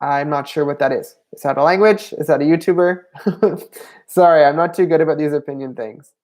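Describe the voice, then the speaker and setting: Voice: medium pitch, fairly quick, a little mellow. A language channel host answering viewer questions on a livestream, hesitant and thinking aloud with frequent ums.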